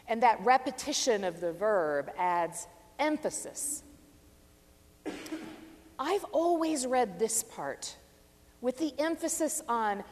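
A woman preaching a reflective sermon, measured and stressing key phrases. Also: on the high side, animated. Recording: long reverb of a large hall.

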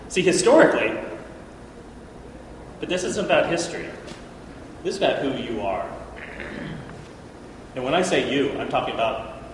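A man preaching a lively Bible lesson, who jokes with the room and calls out listeners by name. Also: medium pitch. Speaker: preacher teaching a Bible class. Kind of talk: lively sermon. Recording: echoey hall from far off, faint noise.

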